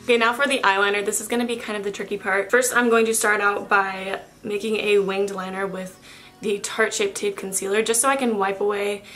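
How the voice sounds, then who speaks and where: A young woman narrates a makeup tutorial while she has a cold, her voice raspy and nasal. She talks in a chatty, easygoing way, often correcting herself and apologizing. Soft music plays faintly under her voice. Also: mid-range voice, steady tone, brisk. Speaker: makeup vlogger.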